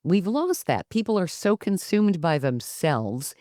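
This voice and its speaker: A woman's voice: lowish voice, big pitch swings, measured pace, mellow, dry recording, studio quality. A woman hosting a podcast interview, introducing a guest and musing aloud in easy conversation. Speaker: host.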